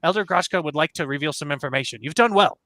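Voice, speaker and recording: A man voicing an eager, polite young male rabbit villager, lifting his pitch into a lively, bright tone. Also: fast, no echo, clean studio sound.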